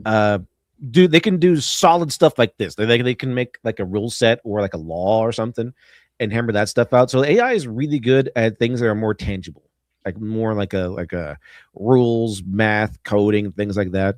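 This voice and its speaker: Lively, expressive male stream host. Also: medium pitch, fast talker, no echo, studio quality. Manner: lively, playful, slips into mock voices. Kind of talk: casual livestream chat, reading donations.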